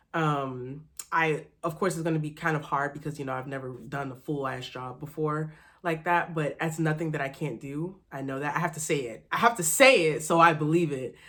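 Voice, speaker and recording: Chatty young woman with a low voice. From Texas, USA. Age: young adult. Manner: chatty and candid, full of fillers and swearing. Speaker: vlogger, new teacher. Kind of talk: casual chat to camera. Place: small apartment indoors.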